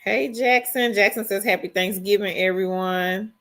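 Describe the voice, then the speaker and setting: A woman's voice: medium pitch, steady tone, moderate pace, fairly bright tone. A middle-aged woman, hosting a casual livestream and greeting viewers one by one as she reads their comments aloud. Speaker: livestream host.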